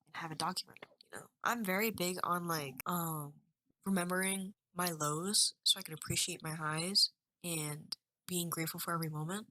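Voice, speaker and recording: A woman's voice: lowish voice, sharp tone, slight background noise, low-quality recording. A woman in her twenties talking candidly into a webcam at home, rambling and emotional in a confessional vlog. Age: 20s. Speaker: vlogger.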